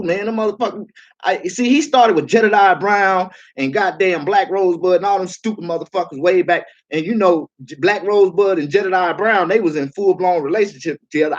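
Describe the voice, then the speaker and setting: A livestreaming comedian, a man, giving a profane, heated rant that swings from calm to shouting. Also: high voice, highs cut off.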